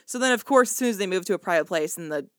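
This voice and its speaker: A woman's voice: on the low side, animated, rapid-fire, fairly bright tone, dry recording, studio quality. A young woman co-hosting a podcast, chatting casually and animatedly with lots of fillers. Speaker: podcast co-host. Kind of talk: casual chat.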